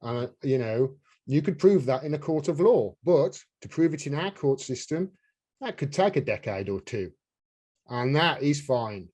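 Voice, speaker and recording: Male host, heated and indignant, mellow dark tone, mid pitch. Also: lively intonation, measured pace. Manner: heated, indignant, swears freely. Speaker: podcast host. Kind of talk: casual political chat.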